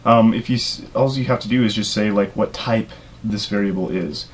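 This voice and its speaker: In a laid-back coding tutorial, the young host chatters excitedly and meanders, using many fillers and describing himself as a nerd. He has a lowish voice and moderate pace, with a faint hiss or hum behind him.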